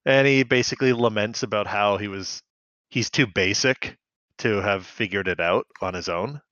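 A man's voice: fairly low pitch, normal speed, a bit bright, dry recording. A man hosting a casual podcast recap of a cartoon, rambling and often laughing. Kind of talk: casual chat. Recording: dull lo-fi.

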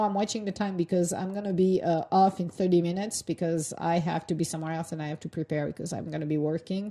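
Chatty woman host, mellow voice. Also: on the low side. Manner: rambling, chatty, laughs often, loose grammar. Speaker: host of a live audio talk room. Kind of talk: casual chat.

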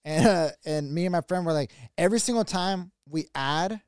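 Young man, podcast co-host, animated storyteller, swears a lot, dry close mic. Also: on the high side, normal speed, clean tone, no echo. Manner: animated, swears a lot, acts out other people's voices. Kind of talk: casual storytelling chat.

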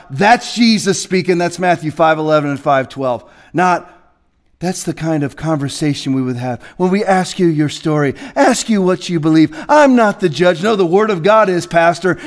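A man preaching as a pastor in a studio, confrontational and fiery, swinging from quiet asides to shouted scripture. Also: sits high, moderate pace. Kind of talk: preaching sermon.

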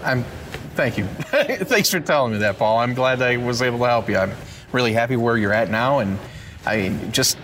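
A man who is a guest on a podcast, answering casually in a sincere, halting way with stammered starts. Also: mid-range voice, lively intonation, fairly bright tone, slight background noise. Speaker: financial coach, guest.

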